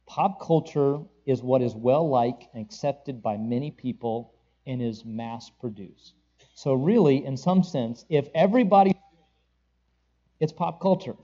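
A man's voice: mid-range voice, dark tone. Man lecturing on church music, lo-fi. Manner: rambling with many fillers and restarts; leads group reading aloud. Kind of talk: classroom lecture.

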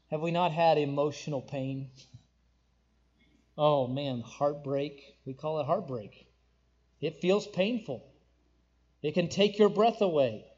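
A man preaching a sermon, moving between loud, fervent declarations and soft, hushed passages. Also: fairly high pitch. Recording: dull lo-fi sound.

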